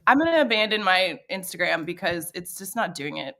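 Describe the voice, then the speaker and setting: Lively woman co-host on a video call. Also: fairly low pitch, fairly quick. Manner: playful, joking, animated delivery. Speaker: co-host of a marketing livestream. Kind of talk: casual live-stream chat. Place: her father's house.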